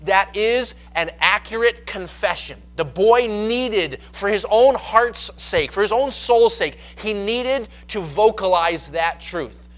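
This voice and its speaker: A man's voice: sits high, slow, a bit bright, rough recording. A young man preaching a sermon, telling stories and acting out quoted lines with rising intensity.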